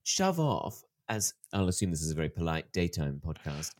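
Fast-talking animated man in his thirties. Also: extremely low pitch. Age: 30s. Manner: animated storyteller, acts out quoted voices. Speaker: author guest. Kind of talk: interview conversation.

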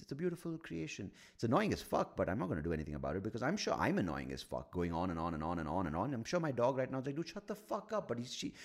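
A man hosting a solo podcast, ranting in a profane, sardonic way. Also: low-pitched. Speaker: podcast host.

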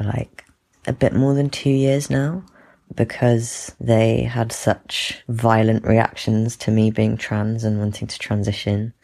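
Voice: mid-range voice, vocal fry, mellow. A caller leaving a thoughtful, hesitant voice note on a phone. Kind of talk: reflective voice note.

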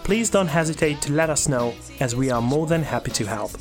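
A man's voice: fairly high pitch, animated, a little fast, faint music behind. A man hosting a podcast, reading a scripted outro and then joking with his co-host about his own slips. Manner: reads the outro smoothly, stumbles and laughs at his own slips.

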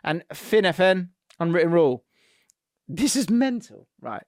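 Man, 30s, chatty co-host, fairly high voice, dry close mic. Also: big pitch swings, measured pace, darkish tone, no echo. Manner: laughs often, reads listener messages aloud. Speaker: podcast co-host. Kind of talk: casual chat.

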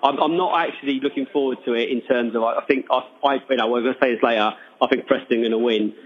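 A man's voice: mid-range voice, steady tone, highs cut off. A man co-hosting a podcast, joking around in casual banter and repeating words as he talks. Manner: jokey, fast, repeats words. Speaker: podcast co-host.

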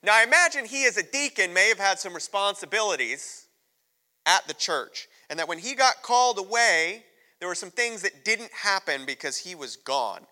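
Bright-voiced emotional American preacher. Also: male voice, sits high, expressive, normal speed. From United States. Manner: candid, emotional storytelling. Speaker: missionary guest preacher. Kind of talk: sermon. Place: church sanctuary. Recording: long reverb of a church hall.

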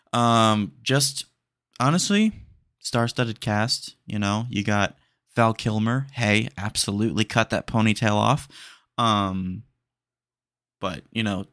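A man hosting a podcast in casual chat, excitable and rambling, peppered with "dude". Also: lowish voice, vocal fry, no echo, clean studio sound. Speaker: podcast host.

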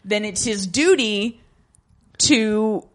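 A woman chatting casually as a co-host, walking through a drama scene by scene. She is sarcastic and quick with asides, and her pitch sits in the middle range. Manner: sarcastic, quick asides, acts out lines in funny voices. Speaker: podcast co-host. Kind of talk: casual recap chat.

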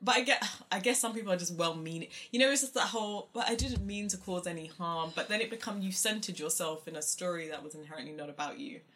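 A woman's voice: fairly low pitch, fast, hardly any pauses, a bit bright. A woman hosting a casual conversation, reflective and frank. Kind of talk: casual chat.

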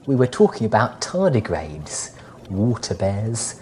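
Low-voiced woman, dry jokey co-host. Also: lively intonation, slow pace, mellow, a little hiss or hum. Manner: dry, jokey, self-mocking. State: sleep-deprived. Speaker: podcast co-host. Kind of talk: casual chat.

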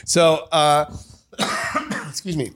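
A man's voice: on the high side, fairly even intonation, very slow, a bit bright. A man in his late thirties telling a long anecdote in casual chat, rambling and self-interrupting, often laughing through his punchlines. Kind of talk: casual storytelling.

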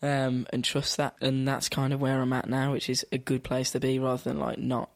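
A man's voice: medium pitch, completely flat delivery, normal speed, gravelly, dry recording. A young man, a musician guest in an interview, talking in a rambling, filler-heavy way with frequent laughs. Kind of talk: casual interview.

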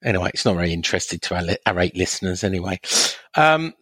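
A man's voice: low-pitched, lively intonation, fast talker, fairly bright tone, no room sound. A man hosting a podcast, bantering and teasing his co-hosts in casual chat. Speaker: podcast host.

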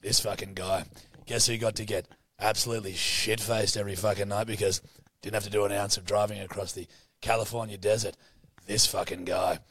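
A young Australian man co-hosting a podcast, loud and sweary, laughing often as he banters. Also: lowish voice, dry recording. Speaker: podcast co-host. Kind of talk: casual banter.

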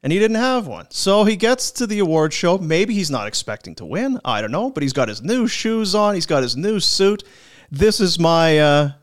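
A man's voice: sits high, animated, moderate pace. A man hosting a sports podcast, telling locker-room stories in casual chat and acting out the quotes. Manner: chatty anecdotes, acts out quotes. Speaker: podcast host.

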